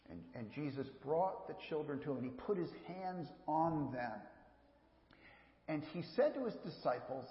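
A man giving a sermon as pastor, earnest and repeating words for emphasis, often speaking straight to the children. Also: high-pitched. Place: church sanctuary. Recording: echoey hall, dull lo-fi sound.

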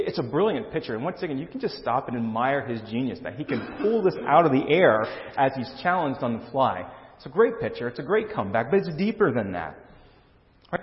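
Earnest preaching man in echoing hall. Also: on the high side. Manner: earnest, emphatic preaching with frequent restarts. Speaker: pastor. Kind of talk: sermon. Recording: dull lo-fi sound with long reverb in a hall.

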